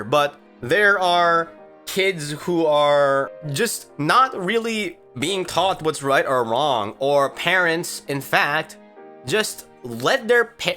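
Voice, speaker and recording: A woman's voice: deep voice, a bit bright. A woman telling a story in a casual vlog, rambling and swearing with exasperated outbursts. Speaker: storytime vlogger.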